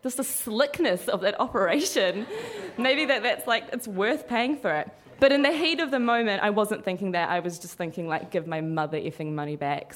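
A young woman tells a story in an animated, expressive way, often laughing as she goes. Her voice sits at a middling pitch for a woman. She talks casually and with plenty of energy. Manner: animated, laughing through the telling. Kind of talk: live storytelling.

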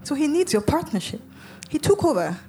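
A woman's voice: high voice, big pitch swings, brisk, warm tone, a little hiss or hum. A woman preacher telling her testimony in a sermon, dramatic and vivid, with sudden emphatic bursts. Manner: speaks in tongues.

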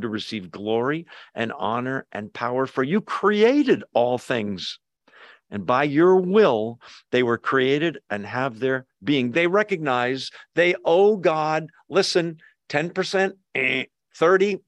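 A man's voice: on the high side, dry recording. An older man preaching a sermon with emphasis, repeating key words and asking his listeners questions. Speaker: pastor.

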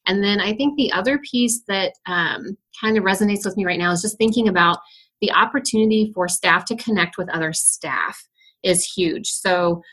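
A woman's voice: medium pitch, normal speed, a bit bright. A middle-aged woman, a school principal, answering interview questions in an earnest storytelling way with frequent laughs.

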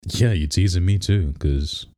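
A man's voice: deep voice, unhurried, warm tone. A man co-hosting a podcast in casual chat, playful and joking, sometimes breaking into short sung bits. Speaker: podcast co-host.

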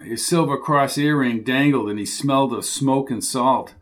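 A man reading crime fiction aloud as narrator, in an even, descriptive manner. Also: medium pitch, moderate pace, few pauses. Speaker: audiobook narrator. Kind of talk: scripted narration.

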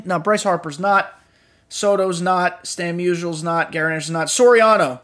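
Young guy with a high voice, worn out, cussing his way through a casual gaming rant. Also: a bit bright. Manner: blunt and profane, frustrated asides. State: tired, yawning. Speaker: podcast host.

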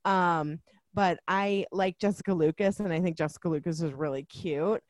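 A woman's voice: lowish voice, moderate pace, no room sound. A woman in a casual movie chat who talks in an easygoing way and laughs often. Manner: chatty, laughing, says "you know what I mean".

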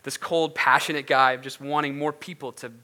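Bright-voiced casual male pastor. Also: mid-range voice, steady tone, moderate pace. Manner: earnest, conversational, many fillers and restarts. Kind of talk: casual sermon ending in prayer.

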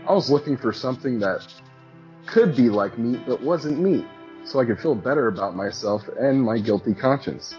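Man as an earnest ad-testimonial customer, middle pitch; lo-fi recording, music underneath. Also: expressive, moderate pace, a little mellow, lightly acted. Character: skeptical male customer giving a testimonial. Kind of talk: mock commercial testimonial. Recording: dull lo-fi sound with music.

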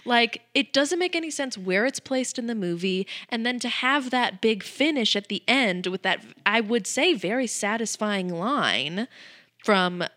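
Woman cohost, bright sharp voice, kinda high, blunt wry takes on movies. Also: animated, a little slow. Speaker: podcast co-host. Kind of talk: casual film chat.

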